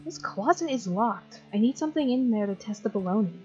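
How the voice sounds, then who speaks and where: A woman's voice: a little high, expressive, fairly quick, a little mellow, highs cut off, soft background music, pitched above the performer's own voice, lightly acted. A woman voicing a practical, matter-of-fact teenage girl.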